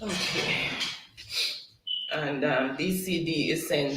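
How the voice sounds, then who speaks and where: Guy hosting a stream, reads comments out slow n laughs a lot, mic kinda far off. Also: on the high side, a bit bright, slight background noise. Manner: giggly, laughs often between comments. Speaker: livestream host. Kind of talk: casual livestream chat, reading viewer comments aloud. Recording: roomy, distant from the mic.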